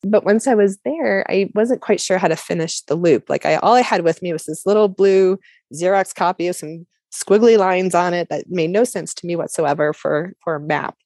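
A woman's voice: lowish voice, moderate pace, darkish tone, no echo, clean studio sound. A woman from Colorado telling her personal faith story as a guest, candid and chatty with lots of "like" and "you know.". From Colorado, USA. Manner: earnest and open. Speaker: guest sharing her testimony.

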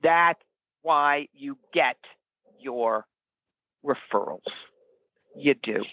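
Female interview guest, psychic medium, brisk and blunt, phone-quality line. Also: rumbling low, dry recording. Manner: blunt, opinionated, brisk storytelling. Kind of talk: casual interview conversation. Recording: tinny phone-like line, dry.

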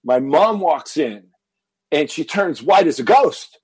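A man's voice: on the high side, slow pace, husky, dry recording, rough recording. A man telling a personal story as a podcast guest, acting out what his family said. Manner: animated, acts out quoted family dialogue.

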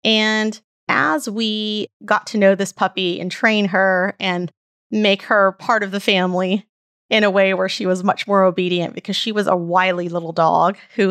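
A woman podcast host in a reflective storytelling mode, earnest and heartfelt as she lingers over her stories. Her voice carries a slight vocal fry and sits at an ordinary middle pitch. The recording is close and dry, with no room sound. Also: fairly bright tone, no echo.

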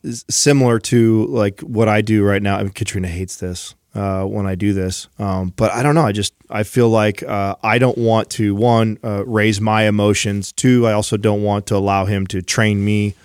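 Relaxed rambling man, dry studio sound. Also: lowish voice, normal speed, few pauses, clean tone, no room sound. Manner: relaxed, rambling storyteller with many fillers. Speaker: podcast co-host. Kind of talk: casual chat.

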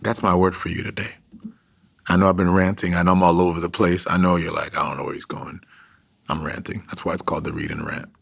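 A man preaching and praying in a livestream devotional, swinging between loud declarations and hushed whispers. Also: deep voice, level tone, fast talker, creaky, slightly rough. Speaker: pastor. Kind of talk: devotional livestream sermon and prayer.

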